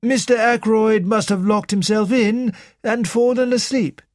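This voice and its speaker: A man's voice: high-pitched, steady tone, measured pace, no room sound, clean studio sound, voice pushed up. A man voicing a stiff, deferential elderly male butler in an audiobook, who speaks formally and politely and ends his lines with "sir.". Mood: shocked, deferential.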